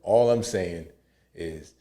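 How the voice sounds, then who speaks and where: A man's voice: low voice, takes it slowly, mellow. A man co-hosting a podcast in casual chat, blunt and joking as he rants. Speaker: podcast co-host. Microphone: headphones and podcast mic.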